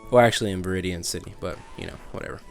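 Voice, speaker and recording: A man's voice: low voice, racing, faint music behind. A young man in his twenties telling a rambling childhood story while commenting on a game he plays, often losing his track mid-sentence. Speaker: let's play host. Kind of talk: casual gameplay commentary with storytelling.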